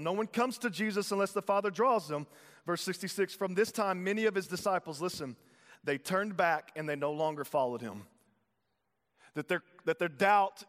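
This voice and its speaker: Male pastor, chatty sermon delivery, slightly high voice, reverberant sanctuary. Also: a bit bright. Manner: conversational preaching with playful asides and acted-out voices. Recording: long hall reverb.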